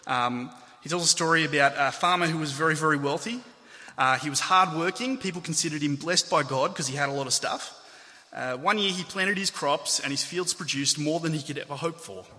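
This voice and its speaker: A man's voice: a little high, pushed and bright. A man preaching a sermon in a conversational way, with asides and self-corrections. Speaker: pastor. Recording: long hall reverb.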